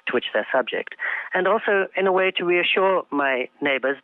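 An older man from England, speaking as an interview guest in an articulate, reflective way, pausing with fillers as he thinks. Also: high voice, expressive, no echo. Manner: thoughtful, articulate, halting with fillers. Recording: tinny phone line, dry.

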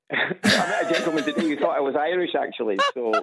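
A man from Edinburgh with a Scottish accent, calling in to a radio phone-in on a loudspeaker phone, talking in a halting way with many ums and repeated words. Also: a little high, expressive, heavy background noise. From Scotland. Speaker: caller. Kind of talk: casual radio phone-in chat. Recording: tinny phone line.

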